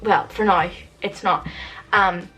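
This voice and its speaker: A woman's voice: medium pitch, fairly even intonation, slow pace, a bit bright, soft background music. Exasperated young woman ranting, distant mic. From United Kingdom. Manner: rambling and exasperated, heavy use of "like". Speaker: vlogger. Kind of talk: casual rant to camera. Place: at home.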